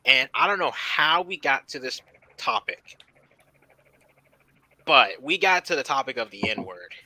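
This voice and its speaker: A man's voice: medium pitch, sing-song, a little slow, sharp tone, a little hiss or hum, low-quality recording. A man chatting casually with friends on a podcast, telling a long rambling story with lots of repeated words. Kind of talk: casual chat.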